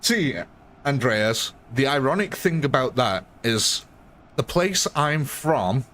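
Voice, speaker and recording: A man's voice: mid-range voice, very animated, takes it slowly, fairly bright tone, slight background noise. A young man with a northern English accent, chatting on a live stream, answering viewers by name and laughing often. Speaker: game streamer. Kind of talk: live-stream chat and commentary.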